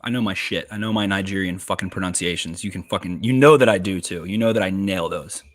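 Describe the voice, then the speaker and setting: A man co-hosting a podcast, giving quick, profane football analysis in casual chat. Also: sits low. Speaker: podcast co-host. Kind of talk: casual draft-night chat.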